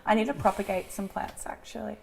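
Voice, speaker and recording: A woman's voice: medium pitch, flat delivery, brisk, vocal fry, slight background noise, poor audio. A young woman co-hosting a casual live stream. She reads out viewer questions and chats in a giggly, bubbly way. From Saudi Arabia. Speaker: co-host reading chat questions. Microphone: mixer-fed microphone.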